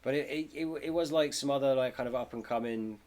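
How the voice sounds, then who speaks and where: A man's voice: mid-range voice, fast, darkish tone. A man co-hosting a casual podcast chat, cracking dry, wry jokes. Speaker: podcast co-host.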